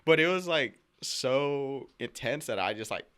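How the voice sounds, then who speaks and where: A man in his thirties, a podcast guest, telling animated stories in casual chat, laughing often and acting out quoted voices. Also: medium pitch, a little slow, clear, resonant tone.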